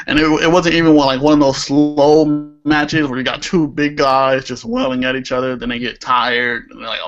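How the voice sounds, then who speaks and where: A man's voice: mid-range voice, moderate pace, a bit bright. A young man co-hosting a casual podcast, talking animatedly, laughing and swearing when annoyed. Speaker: podcast co-host. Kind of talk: casual chat. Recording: muffled lo-fi audio.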